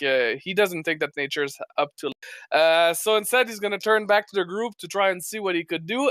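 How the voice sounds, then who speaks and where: A man's voice: high voice, fairly bright tone, dry recording. A man describing his character's thoughts in a tabletop game, hesitant and thinking aloud.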